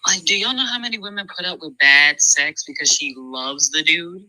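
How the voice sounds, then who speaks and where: A woman's voice: low voice, moderate pace, bright, forceful tone, low-quality recording. A woman hosting a heated casual debate, blunt and sarcastic as she scolds the men. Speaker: show host.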